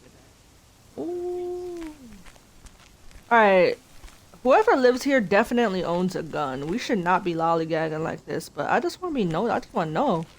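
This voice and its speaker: A woman's voice: lowish voice, big pitch swings, brisk, poor audio. A young woman streaming a video game, chatting nervously and talking to her character as she plays. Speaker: gaming streamer. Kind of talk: let's-play commentary. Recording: game sound and engine noise behind. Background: vehicle engine noise from the game.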